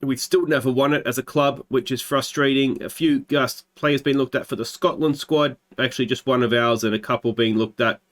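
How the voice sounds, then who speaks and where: An Australian man hosting a football management let's play, calling his match like a commentator and swinging into excited shouts at big moments. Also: mid-range voice, a little fast, few pauses. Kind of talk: gameplay commentary.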